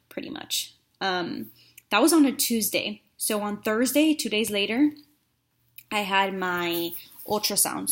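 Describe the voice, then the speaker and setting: Chatty woman sharing a candid story. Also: medium pitch. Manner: chatty, frank, with many fillers. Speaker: vlogger. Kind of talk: candid personal vlog storytelling.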